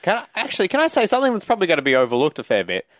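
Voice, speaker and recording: A keen man chatting about films, with a slightly high and very animated voice. He talks in fast, eager bursts. The recording is close and dry. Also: no room sound. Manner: eager, excitable, quick bursts with laughs. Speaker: podcast co-host. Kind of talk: casual film discussion.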